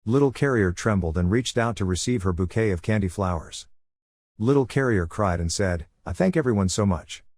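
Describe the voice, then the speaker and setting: Male recap narrator, low-ish voice, dry close sound, flat delivery. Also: no room sound.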